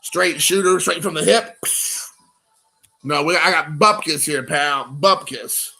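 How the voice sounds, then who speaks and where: Man in his forties, stream host, joking, rambling, high pitch, bright gravelly edge. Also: takes it slowly, soft background music. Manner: joking, rambling, talks to chat viewers. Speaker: card-collecting show host. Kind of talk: casual live-stream chat, opening card packs.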